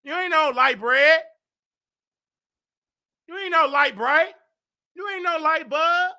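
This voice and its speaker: A man hosting a comedy show, ranting with exaggerated indignation and bursts of shouting. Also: very high voice, slow pace.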